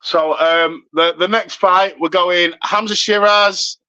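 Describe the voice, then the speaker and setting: British man, casual host chat, sharp voice, lo-fi audio. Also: high voice, fairly even intonation, slow pace, clean tone. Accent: British English. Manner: chatty, laughs often. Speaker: podcast co-host. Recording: dull lo-fi audio.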